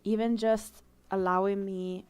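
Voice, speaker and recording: Young woman chatting on her art stream, smooth voice, gets emotional, lots of ums. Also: mid-range voice, level tone, darkish tone. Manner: emotional, heartfelt, halting with fillers. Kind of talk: casual live-stream chat while drawing.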